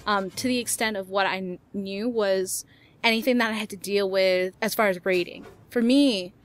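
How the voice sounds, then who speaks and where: A woman's voice: mid-range voice, fairly even intonation, moderate pace, soft background music. Chatty young woman gaming host. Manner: chatty, laughs often, swears lightly. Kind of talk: casual Q&A chat, reading viewer questions.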